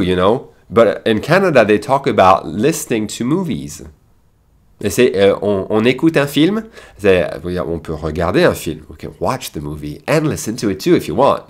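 A man from France with a French accent, teaching a casual video lesson in a chatty, animated way. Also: on the low side. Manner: chatty and animated, often laughs at the examples.

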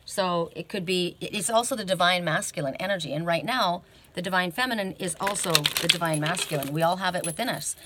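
Her voice is on the low side, fairly quick, pushed and bright. Giving a casual, rambling oracle card reading, she frequently thinks aloud and ends her points with a questioning "right?".

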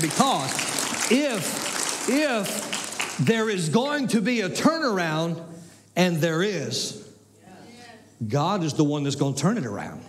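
A pastor, preaching with emphatic repetition and folksy asides, sometimes dropping to a soft, near-whispered delivery. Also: male voice, high voice. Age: 60s. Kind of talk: sermon.

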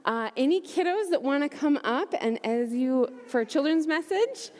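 A young adult woman leads a children's message in church, upbeat and gentle, asking the kids simple questions. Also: high-pitched, animated, moderate pace. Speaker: children's ministry leader. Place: church sanctuary. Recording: long church reverb.

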